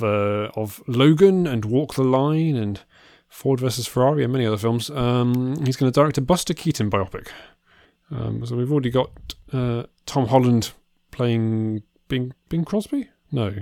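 A man's voice: medium pitch, measured pace, a little mellow, no echo. A man co-hosting a casual film podcast, talking in a dry, hesitant way with many uh's and restarts. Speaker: podcast co-host. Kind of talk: casual film news chat.

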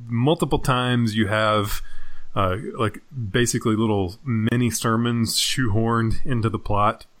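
A man's voice: lowish voice, steady tone, a little slow, fairly bright tone. Young male co-host, chatty and giggly, keeps restarting his sentences. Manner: laughs often, rambling with restarts. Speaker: podcast co-host. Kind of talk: casual movie review chat.

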